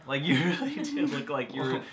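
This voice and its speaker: A man's voice: a little high, very animated, fairly quick, a crowd in the background. A man co-hosting a reaction show, casually explaining things and laughing.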